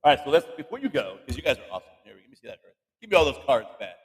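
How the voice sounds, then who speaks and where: Lively, teasing man host in an echoey room. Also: medium pitch, racing, slightly rough. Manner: animated, teasing, cheering the kids on. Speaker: podcast host talking with two children. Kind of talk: playful kids' quiz chat.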